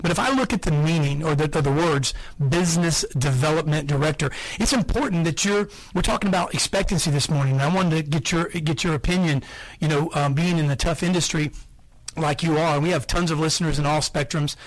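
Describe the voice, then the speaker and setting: A man's voice: fairly high pitch, brisk, poor audio. A man hosting a sales podcast, giving earnest motivational talk and repeating his key points for emphasis. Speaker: podcast host.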